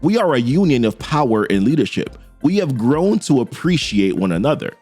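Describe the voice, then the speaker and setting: A man voicing a reserved king who speaks in a measured, formal way. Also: medium pitch, sing-song, a little mellow, slightly rough, no room sound, soft background music.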